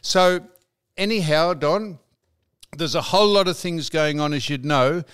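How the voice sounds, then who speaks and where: An older Australian man hosting a talk show, telling stories in an animated, teasing way and mimicking the people in them. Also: on the high side, a little slow, clear, resonant tone. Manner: animated, teasing, retells with quoted voices. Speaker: radio host. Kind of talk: banter and storytelling.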